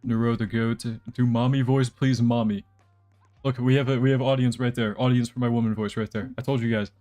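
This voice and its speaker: Medium in pitch, mellow and brisk, his delivery stays flat. He's a young man live-streaming a game, rambling and cracking jokes to chat as he plays, with music faintly underneath.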